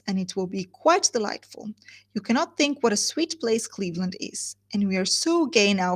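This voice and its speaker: A woman's voice: mid-range voice, natural voice. A woman reading aloud and voicing a cheerful, silly young wife who talks with bubbly enthusiasm.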